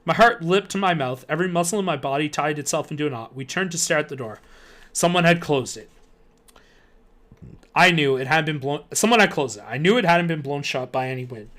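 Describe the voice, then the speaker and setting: A man streaming live, reading a spooky children's book aloud with expressive delivery and joking asides. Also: a little high.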